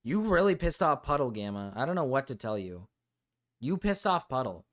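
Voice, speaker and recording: A man's voice: mid-range voice, big pitch swings, moderate pace. Rambling young man streamer. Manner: rambling, swears freely, restarts sentences. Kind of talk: casual stream chat.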